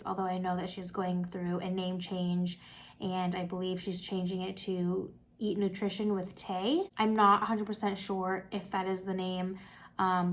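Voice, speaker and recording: A young woman talking casually through a cooking vlog, chatty and upbeat, with lots of fillers. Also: medium pitch. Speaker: vlogger.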